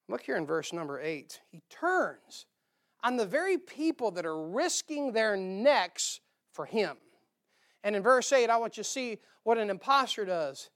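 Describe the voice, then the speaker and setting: A male pastor preaching a sermon, animated, acting out quoted voices and dropping into quiet asides. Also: high-pitched.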